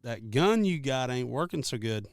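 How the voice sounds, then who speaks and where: A man's voice: medium pitch, normal speed, no echo. Man, podcast storyteller, swears a lot, voice swings all over, dry close sound. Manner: profane, animated storyteller acting out quotes. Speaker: podcast co-host. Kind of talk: casual storytelling.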